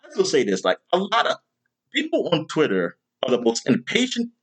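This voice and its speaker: A man hosting a podcast in casual chat, rambling with lots of fillers and bursting into loud exasperation. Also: a little high, a little fast, husky. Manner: rambling, animated, with many fillers. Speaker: podcast host.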